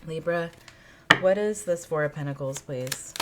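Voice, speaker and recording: In a low voice and at a measured pace, a tarot reader thinks aloud while drawing cards, repeating herself and posing questions to spirit. The recording is very noisy, with card shuffling clicks behind her.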